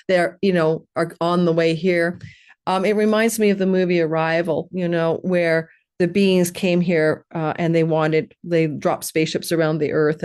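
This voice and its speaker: A woman giving an informal astrology presentation over a video call, chatty and digressive with quick asides. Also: lowish voice, a little mellow. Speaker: astrologer guest speaker.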